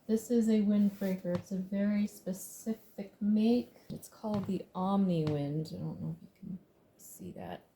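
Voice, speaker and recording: A woman's voice: medium pitch, mellow, a little hiss or hum. A woman vlogging casually from her camper, talking to herself in a candid, chatty way about cleaning and a road trip. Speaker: van-life vlogger. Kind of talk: casual vlog chat.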